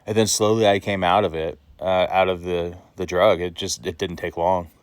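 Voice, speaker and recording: A man's voice: low voice, level tone, normal speed, smooth, no room sound. A man vlogging to the camera, telling a story in a blunt, casual way and swearing freely.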